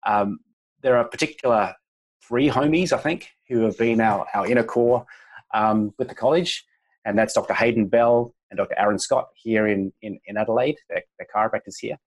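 A man speaks as a guest on a chiropractic podcast. His voice is low and a little husky, and he talks in a relaxed, reflective way. He slips easily into storytelling and calm reassurance. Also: normal speed, low-quality recording. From Australia.

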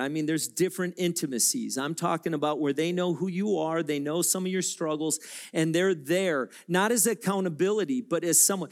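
High-voiced, impassioned male preacher. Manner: direct and confrontational with listeners. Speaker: pastor. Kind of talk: sermon.

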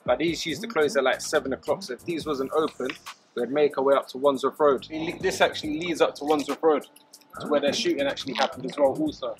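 A young man with a London accent narrates casually while walking outdoors on an estate, pointing out spots as he goes. His voice sits slightly high, with music clearly playing beneath him. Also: steady tone, fast talker, rough recording. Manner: casual, pointing out places as he walks. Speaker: documentary subject.

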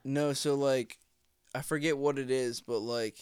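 A man's voice: mid-range voice, steady tone, a little slow, crowd noise. A young man co-hosting a casual podcast in a laid-back, profane way, laughing often. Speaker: podcast co-host. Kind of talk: casual chat.

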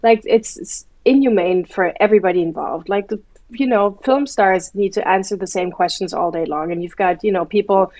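A woman's voice: mid-range voice, moderate pace, warm tone, dry recording. German woman hosting, chats away with lots of likes, dry close sound. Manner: chatty storyteller, many "like" fillers. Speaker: host. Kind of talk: casual chat.

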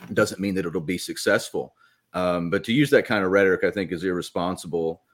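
A middle-aged man co-hosting a political podcast, giving measured, opinionated takes with frequent hesitations. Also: sits low. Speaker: podcast co-host. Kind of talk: casual political podcast chat.

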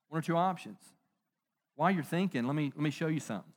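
A middle-aged man preaching a conversational sermon, animated, joking and asking rhetorical questions. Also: fairly high pitch, quick pace. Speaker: pastor.

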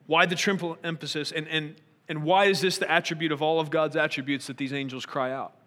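Bright-toned preacher in a reverberant hall. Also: male voice, on the high side, steady tone, a little fast. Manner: earnest, probing rhetorical questions. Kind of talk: sermon.

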